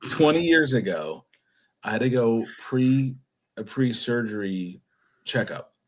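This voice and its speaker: A middle-aged man, a podcast co-host, telling a crude story in loud, joking casual banter and swearing a lot. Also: mid-range voice, lively intonation, unhurried.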